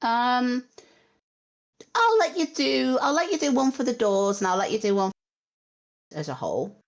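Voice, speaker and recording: A woman narrating as game master on a video call, slow and hesitant with many pauses and ums. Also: fairly high pitch, very animated. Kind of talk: narrating a tabletop game online.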